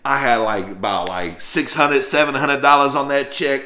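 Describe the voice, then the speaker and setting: A man spins a profane, animated tale from his youth, his tone bright and forceful. He keeps checking in with the listener as he talks, and his voice sits in a roomy, echoey space. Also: medium pitch, moderate pace. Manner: profane, animated, fills with "you know what I'm saying". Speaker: storyteller vlogger. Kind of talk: casual storytelling. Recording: roomy echo.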